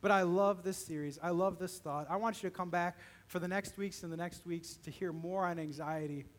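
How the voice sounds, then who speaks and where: A man's voice: sits high, steady tone, a little fast. A man, a pastor, preaching a sermon and speaking directly to his congregation with frequent questions.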